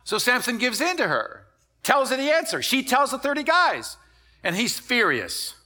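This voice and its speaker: A male pastor preaching a sermon in a church, telling the story with lively acted quotes and repeating words as he builds up. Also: extremely high pitch, normal speed.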